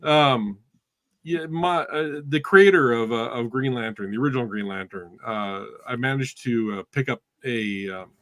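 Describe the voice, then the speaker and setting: A man's voice: mid-range voice, moderate pace, fairly bright tone, no echo. A man co-hosting a casual online comic book show, reading segments with playful alliteration. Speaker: co-host. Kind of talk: casual chat about comics.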